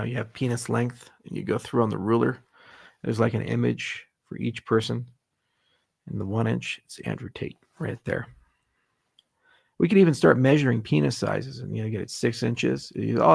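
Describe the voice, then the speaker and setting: Middle-aged male host taking live questions; blunt and sarcastic, with a husky, rough voice. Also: medium pitch, moderate pace, a little mellow. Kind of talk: livestream Q&A, casual chat.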